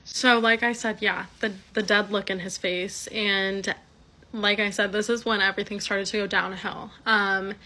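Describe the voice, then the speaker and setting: A woman's voice: medium pitch, flat delivery, moderate pace, sharp tone. Rambling young woman telling a story. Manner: rambling, heavy use of "like" and "um", swearing. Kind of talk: casual storytime monologue.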